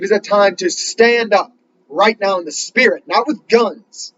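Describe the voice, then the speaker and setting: A man preaching a sermon in an earnest, urgent way, reading scripture slowly and pressing his listeners with emphatic questions. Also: sits high, a bit bright, lo-fi sound, a little hiss or hum. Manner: reads scripture slowly in King James wording.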